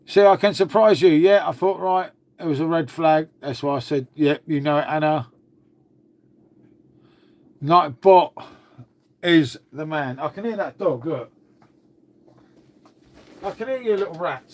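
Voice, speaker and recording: A man's voice: fairly high pitch, a little slow, long pauses, darkish tone, no echo. A man hosting a casual livestream, chatting to viewers and swearing freely as he talks to his dog. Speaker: livestream host. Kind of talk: casual live chat with viewers.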